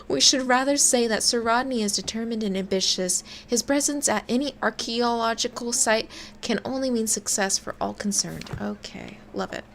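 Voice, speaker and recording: A woman's voice: a little high, normal speed, slight background noise. Chatty young woman playing a game. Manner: chatty, swears casually, stumbles over long words. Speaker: game streamer. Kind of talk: casual gameplay commentary, reading game text aloud.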